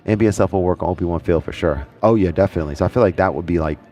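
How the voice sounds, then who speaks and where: A man hosting a casual music livestream, thinking out loud and chatting with viewers in the comments. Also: low voice, racing. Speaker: livestream host.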